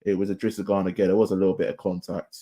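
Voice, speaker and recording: Young fan for a watchalong, low mellow voice, casual slangy play-by-play, shouts at players. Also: male voice, little pitch movement, rapid-fire. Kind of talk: live match watchalong commentary.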